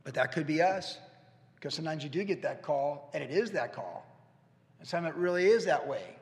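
Gravelly-voiced pastor preaching in a hall. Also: male voice, fairly high pitch, lively intonation. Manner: earnest, storytelling, pauses and restarts. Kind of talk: conversational sermon. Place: church sanctuary. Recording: echoey church hall.

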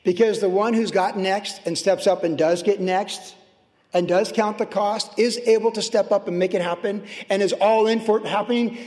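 A man preaching a sermon as pastor, swinging between loud, animated highs and hushed, tender lows. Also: moderate pace. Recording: long reverb of a large hall.

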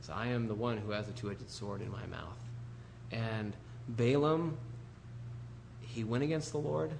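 A man preaching a conversational sermon in an animated, chatty way, full of asides to the congregation. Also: lowish voice, unhurried, gravelly, a little hiss or hum.

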